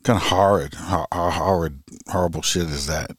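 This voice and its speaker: A man's voice: sits low, normal speed, breathy edge, dry recording, studio quality. A man, a police officer hosting a true crime podcast, talking bluntly and profanely in a loose, rambling way. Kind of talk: casual true crime commentary.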